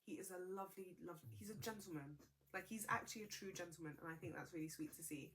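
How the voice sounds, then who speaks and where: A young woman hosting a casual reality TV recap, chatty and gossipy with expressive reactions. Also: lowish voice, quick pace, slight background noise. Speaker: host.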